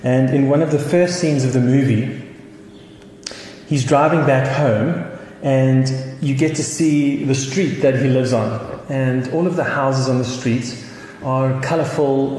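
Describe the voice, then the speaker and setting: A man's voice: medium pitch, steady tone, a little slow, a little mellow. A South African man preaching a sermon, telling a story with chuckles and many restarts. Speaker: pastor. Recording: echoey hall with faint noise.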